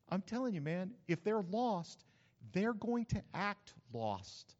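A man preaching a sermon as pastor, lively and conversational with asides to the congregation. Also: high-pitched, measured pace. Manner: animated preaching with asides and acted-out quotes. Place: church sanctuary. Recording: dull sound with long hall reverb.

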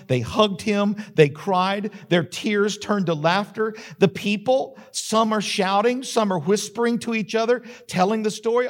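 A male pastor delivers a sermon, telling the story with dramatic pauses. His fairly high-pitched voice rises into emphatic questions to the congregation.

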